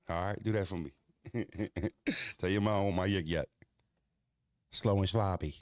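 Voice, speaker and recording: A man's voice: deep voice, moderate pace, long pauses, darkish tone, dry recording, clean studio sound. A young man hosting a livestream, joking loosely and profanely, laughing and roasting his chat. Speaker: livestream host.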